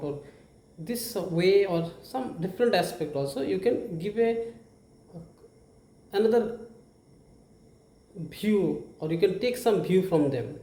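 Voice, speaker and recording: A man's voice: sits high, expressive, a little slow, long pauses, warm tone, echoey room. A man with an Indian English accent gives informal advice on job interviews, repeating points, often saying "okay" and restarting his sentences. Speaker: career coach.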